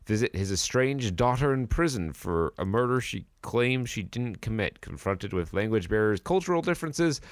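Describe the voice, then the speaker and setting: A man's voice: lowish voice, lively intonation, moderate pace, few pauses, no room sound, studio quality. A man co-hosting a podcast, chatting casually, reading a synopsis aloud and joking with crude language. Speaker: podcast co-host. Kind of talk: casual chat.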